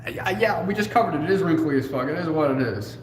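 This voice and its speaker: Heard in an echoey room with faint noise, a man co-hosting a relaxed livestream works through viewer comments, reading them aloud and answering in a joking, easygoing manner peppered with casual swearing. He talks at a quick pace in a slightly high, animated voice.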